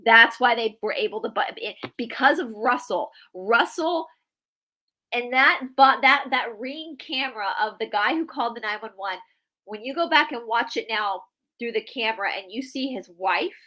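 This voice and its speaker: A woman's voice: fairly high pitch, expressive, normal speed, pushed and bright, low-quality recording. A woman co-hosting a casual chat, telling a story earnestly and emotionally, with frequent restarts. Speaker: podcast co-host. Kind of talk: casual chat about a news case.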